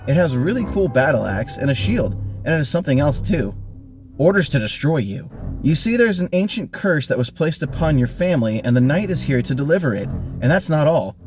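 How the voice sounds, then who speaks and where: Over background music, a podcast host and narrator reads a gamebook aloud in an animated, theatrical style. His voice is fairly high and his delivery fairly quick.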